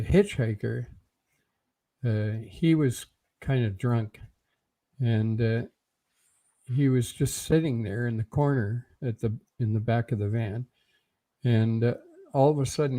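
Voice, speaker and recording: An older man from Canada, an interview guest recounting a personal story in a halting way with frequent fillers. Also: medium pitch, warm tone.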